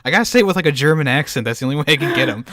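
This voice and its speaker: A man's voice: a little high, expressive, very fast, background noise. A man hosting a podcast in casual chat, playing a teasing quiz-master. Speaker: podcast host.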